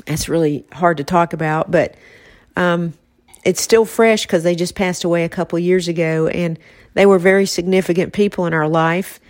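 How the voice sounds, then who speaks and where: A woman hosting a faith-based podcast, talking in a soft, reflective way with her mother. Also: fairly low pitch, fairly even intonation, normal speed, no room sound, studio quality. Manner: soft-spoken, reflective, emotional at times. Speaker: podcast host.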